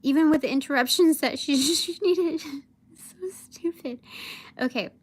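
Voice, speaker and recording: Young woman venting on a livestream, kinda high voice, lots of ums and likes. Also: measured pace. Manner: rambling, animated, many fillers, mimics her boss. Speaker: vlogger. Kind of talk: casual livestream storytelling.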